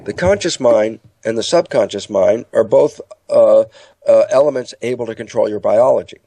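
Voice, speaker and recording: Man giving an animated lecture-style talk. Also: normal speed, vocal fry, breathy edge, no room sound. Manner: animated storytelling, acts out inner dialogue in higher voices. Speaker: speaker on biology and the mind.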